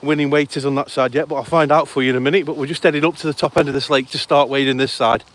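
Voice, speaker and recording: A man's voice: mid-range voice, fairly even intonation, very fast. A man hosting a live event outdoors by a lake, out of breath and chatty, apologizing as he talks. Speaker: host. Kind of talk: live on-the-move commentary.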